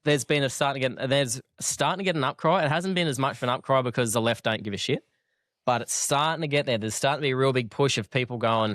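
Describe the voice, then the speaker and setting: A blunt man hosts a casual podcast chat at a quick clip. He swears freely, laughs a lot and rambles when he loses his thread. His voice sits in a dry, close sound. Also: mid-range voice, fairly bright tone, dry recording. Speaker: podcast host.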